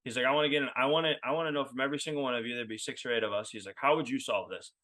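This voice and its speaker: A man telling a story in casual talk, animated and acting out the quoted dialogue. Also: medium pitch, racing.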